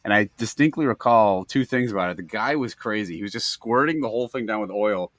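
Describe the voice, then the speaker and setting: A man's voice: on the low side, brisk, fairly bright tone, dry recording. A middle-aged man co-hosting a casual podcast, telling rambling, jokey stories and often laughing. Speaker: podcast co-host. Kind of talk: casual comedic chat.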